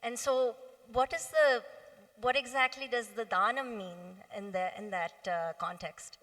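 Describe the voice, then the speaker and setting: A woman moderating a panel Q and A, asking her question in a clear, measured way. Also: on the high side, a bit bright. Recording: long reverb of a hall.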